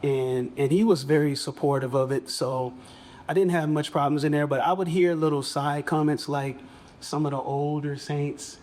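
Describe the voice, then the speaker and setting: A man's voice: a little high, fairly even intonation, normal speed, darkish tone. A man on a panel, chatting casually and easygoingly, laughing between remarks.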